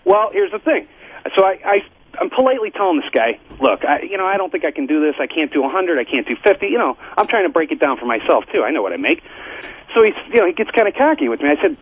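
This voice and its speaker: A man calling in to a radio show, telling a story quickly and with profanity. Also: on the high side, very animated. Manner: fast, profane, cocky. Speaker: caller. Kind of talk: phone-in storytelling. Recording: tinny phone line.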